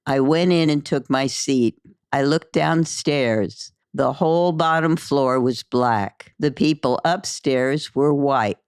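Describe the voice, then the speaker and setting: Memoir narrator, woman, measured first-person storytelling, mid pitch, dead-dry close sound. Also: a little mellow, smooth, dry recording. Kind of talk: audiobook-style memoir reading.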